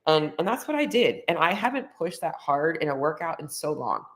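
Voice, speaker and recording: A woman's voice: deep voice, big pitch swings, a little fast. A woman hosting a podcast, talking casually and candidly about her own experience. She uses many fillers and gets openly emotional. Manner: chatty, lots of "like" and "um" fillers. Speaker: podcast host. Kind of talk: casual personal monologue.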